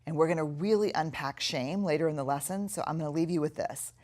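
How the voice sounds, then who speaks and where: Woman, middle-aged, low voice, course instructor, earnest, reflective, video lesson. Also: a little mellow. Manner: earnest, reflective, with slow emphatic stretches.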